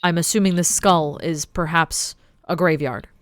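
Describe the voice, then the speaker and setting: A woman's voice: deep voice, steady tone, normal speed, dry recording. A woman playing a tabletop game, chatting casually and directing the party's moves. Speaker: player.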